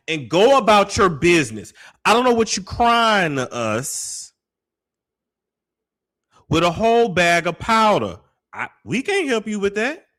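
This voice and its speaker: A man hosting a reaction show and commenting on a clip in an animated, laughing, profane and incredulous way. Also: sits high.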